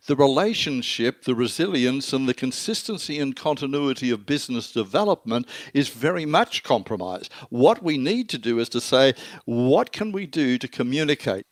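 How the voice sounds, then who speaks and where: A man's voice: medium pitch, no room sound. An older man, a marketing expert answering interview questions in an emphatic way that builds long lists of terms.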